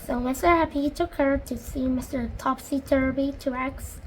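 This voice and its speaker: A woman's voice: high-pitched, steady tone, slight background noise, low-quality recording. A woman reading a children's picture book aloud as the storyteller, with a few slips. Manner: gentle, slow read-aloud with slips.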